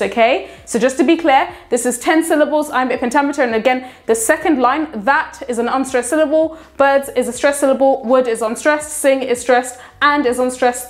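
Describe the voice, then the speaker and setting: A woman's voice: sits high, fairly quick, few pauses. A woman teaching English literature in an educational video, explaining patiently and checking in with frequent questions to the viewer.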